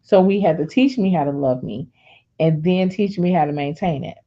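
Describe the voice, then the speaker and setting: A woman's voice: fairly low pitch, normal speed, warm tone, lo-fi sound. A woman sharing a candid personal testimony on a faith talk show, telling her story directly to her listeners.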